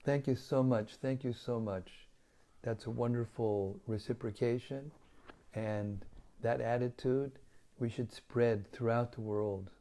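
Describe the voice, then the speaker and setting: An older man with a raspy voice, speaking as a spiritual teacher in a gentle, humble, reflective way while chatting with listeners after a devotional reading on an online call. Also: mid-range voice, steady tone, unhurried.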